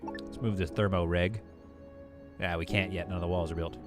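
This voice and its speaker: A man's voice: low voice, fairly even intonation, moderate pace, over music. A man streaming a game live, thinking aloud as he plays, chatting with viewers and laughing easily. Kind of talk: live gameplay commentary.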